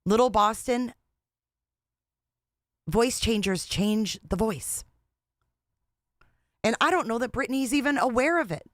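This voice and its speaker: A woman's voice: a little high, lively intonation, unhurried, pauses often, dry recording, studio quality. A woman hosting a casual livestream, talking in a blunt, repetitive and exasperated way. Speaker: livestream host.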